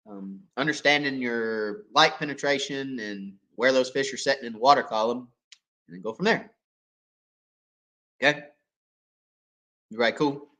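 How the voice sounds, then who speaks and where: A man hosting a live fishing Q&A, hoarse and coughing as he loses his voice, talking in a folksy, chatty way and checking in with viewers. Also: medium pitch, moderate pace, long pauses, pushed and bright. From East Tennessee. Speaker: fishing channel host. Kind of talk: live Q&A chat.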